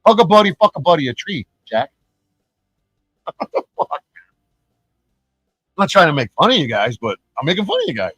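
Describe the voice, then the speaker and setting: A man's voice: a little high, big pitch swings, a little slow, long pauses, fairly bright tone, husky, faint music behind, rough recording. A man streaming a profane, mocking rant, laughing between points and mimicking his critics in sing-song voices. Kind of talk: ranting livestream monologue.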